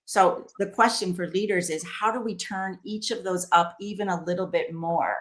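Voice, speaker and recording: A woman's voice: fairly low pitch, normal speed. A woman as a podcast guest and company founder, talking animatedly, listing examples and acting out little quotes. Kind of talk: podcast conversation.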